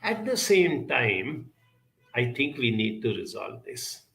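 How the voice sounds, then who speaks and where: Man, gravelly, bright tone, measured advice talk, answers audience questions, frequent pauses, echoey room. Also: mid-range voice, big pitch swings.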